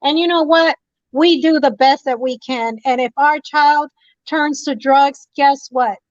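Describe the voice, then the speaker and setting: Calling in to a talk show over a dull, lo-fi phone line, a woman makes an impassioned case with preachy emphasis, going back over her points again and again. Her voice sits high, her pace is measured, and there's no echo.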